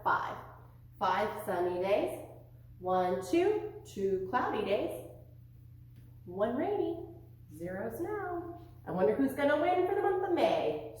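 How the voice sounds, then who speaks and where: A woman teaching an online preschool lesson, encouraging and animated, with a sing-song delivery, in a very echoey room away from the mic. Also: a little high, far from the mic.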